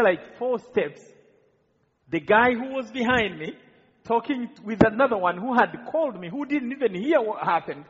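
A man from Rwanda preaches, telling his testimony as a story full of quoted voices and restarts. His voice sits high and a little husky. The sound is dull and lo-fi, with the long echo of a large hall. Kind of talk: sermon testimony.

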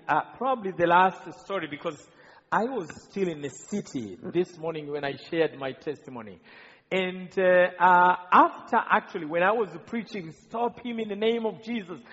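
A man from Rwanda preaching a sermon, telling his testimony with animated, quoted dialogue and frequent restarts. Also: sits high, breathy edge. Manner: animated storytelling with quoted voices, many restarts. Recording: dull reverberant hall sound.

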